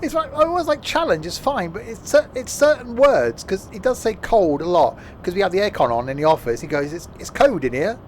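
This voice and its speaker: A man streams a train game and chats loosely as he plays, with a slightly high speaking voice. He rambles, makes jokes, and often loses his thread mid-sentence. A faint hiss sits under the voice. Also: very animated, brisk, hardly any pauses. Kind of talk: casual gameplay commentary.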